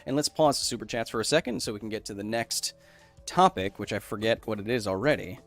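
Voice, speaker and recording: A man's voice: fairly low pitch, expressive, fast, faint music behind. A young man hosting a casual science livestream, answering viewer questions in a loose, rambling way that keeps breaking off and restarting. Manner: rambling, self-interrupting, loose explanations. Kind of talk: casual live chat, reading viewer messages.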